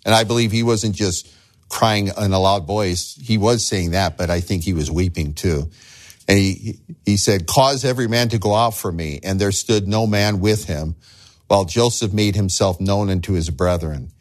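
A man preaching a sermon as a pastor, animated, acting out the voices of the figures in his story. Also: sits low, normal speed. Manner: animated, acts out voices of the figures he tells about.

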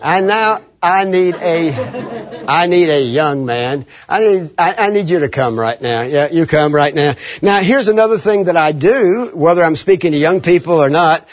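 A man preaching a sermon, animated and laughing often, leading the congregation in call-and-response. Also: a little high, normal speed. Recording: muffled lo-fi sermon recording.

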